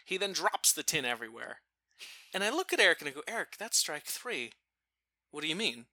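A man casually telling a funny family story, animated and profane, laughing now and then. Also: fairly high pitch, fairly quick, no room sound. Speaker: storyteller guest.

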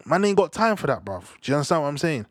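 A young man ranting casually about football, animated and slangy, tagging "bruv" onto his lines. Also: fairly high pitch, very fast, dry recording, studio quality. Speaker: football fan commentator. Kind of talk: casual rant to camera.

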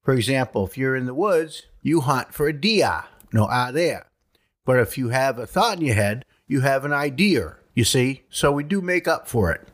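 A man's voice: medium pitch, lively intonation, normal speed. A man from New Hampshire with a New England accent, hosting a podcast in a wry, joking, folksy monologue. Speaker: podcast host.

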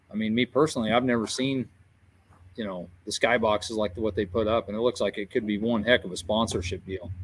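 A man hosting a podcast, chatting in an easygoing, rambling way with lots of fillers. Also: medium pitch. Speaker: podcast host. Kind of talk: casual chat.

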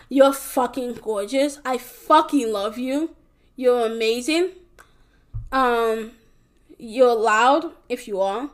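Young woman with a high voice, solo podcast host, loose and rambling with heavy swearing and frequent restarts. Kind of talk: casual solo podcast monologue.

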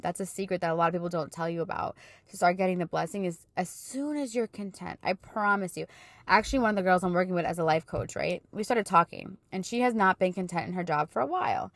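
A woman's voice: medium pitch, no echo. A woman in her thirties, hosting a podcast as a life coach, talking casually and encouragingly, fervent in her faith. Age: 30s. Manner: chatty, encouraging, faith-filled; emotional and fervent in praise. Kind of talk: casual motivational talk.

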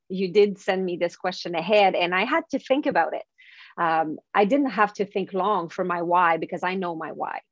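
A woman's voice: on the low side, dry recording, dull audio. A woman from Quebec with a French Canadian accent, a native French speaker and professional speaker, talking earnestly as an interview guest. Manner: earnest, eager, with frequent laughs. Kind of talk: podcast interview.

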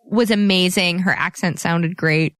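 A woman's voice: on the low side, unhurried, dry recording, studio quality. A woman in her twenties co-hosting a podcast, chatting casually and laughing often. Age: 20s. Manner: chatty, giggly, animated. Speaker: podcast co-host. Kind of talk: casual chat.

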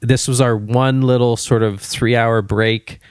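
Canadian guy hosting a podcast, smooth voice, telling travel stories, lots of restarts. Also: mid-range voice, measured pace, no echo, clean studio sound. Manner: rambling, animated anecdote-telling with frequent restarts. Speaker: podcast host. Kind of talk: casual travel storytelling.

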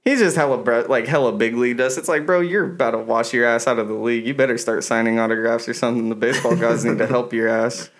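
A man's voice: medium pitch, fairly even intonation, fast, few pauses. A man casually telling profane baseball-fan stories among friends, acting out the people he quotes. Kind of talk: casual storytelling chat.

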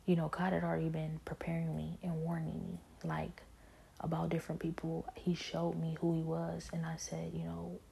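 A woman shares her faith testimony in an earnest, halting way, often dropping to a soft half-whisper. Her voice sits low and has a gravelly fry to it. Her delivery stays strikingly flat and monotone. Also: a little hiss or hum. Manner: earnest, halting, many restarts and filler phrases. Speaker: believer sharing a personal testimony. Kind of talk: personal religious testimony.

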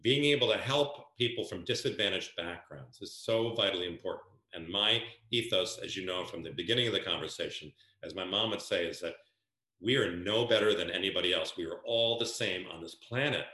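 A man from New Jersey, a guest telling stories in an animated way and acting out dialogue. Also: low voice, fairly quick, roomy sound. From New Jersey, USA. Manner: lively storyteller who acts out quoted dialogue. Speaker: guest, events planner. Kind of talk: animated storytelling.

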